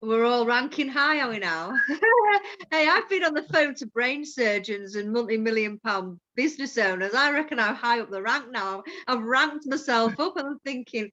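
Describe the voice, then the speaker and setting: A mindfulness coach from Yorkshire, England, talks in a slightly high, pushed, bright voice with lively intonation and a moderate pace. Candid and casual, she swears freely and laughs often. The recording is dull lo-fi call audio.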